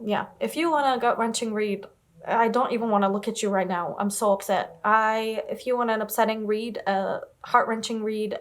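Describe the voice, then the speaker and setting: A young woman chatting to camera in a casual reading vlog, rambling and emphatic, repeating herself and swearing casually, upset and close to tears. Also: mid-range voice. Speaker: book vlogger.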